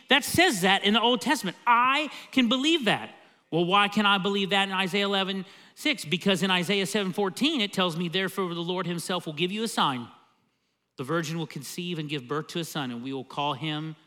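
Male pastor, high bright voice, emphatic, chatty preaching style. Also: fairly quick. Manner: emphatic and conversational, often opens with "See,". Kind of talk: sermon.

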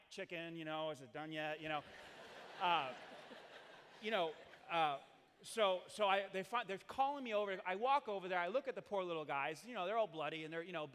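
A high, bright-voiced man in middle age tells animated family stories as a co-host. His talk rambles and restarts, and the sound carries a long hall echo. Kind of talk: casual storytelling talk.

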